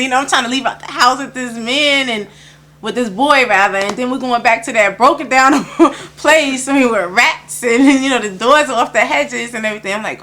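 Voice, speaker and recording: A woman's voice: a little high, animated, normal speed, pushed and bright. A woman tells personal stories in an interview. She laughs often and acts out the voices of the people she quotes. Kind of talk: personal storytelling.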